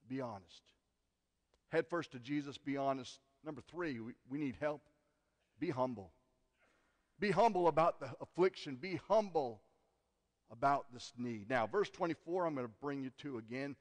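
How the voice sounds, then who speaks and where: A man preaching a sermon as pastor, earnest, moving from loud emphasis to hushed asides. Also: fairly high pitch, lively intonation, moderate pace. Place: church sanctuary. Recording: long church hall reverb.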